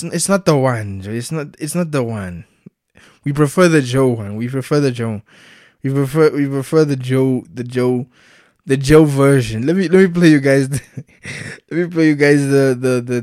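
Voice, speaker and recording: A man chatting casually as a vlogger, excitable and slangy, laughing often. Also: medium pitch, no room sound, studio quality. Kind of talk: casual chat.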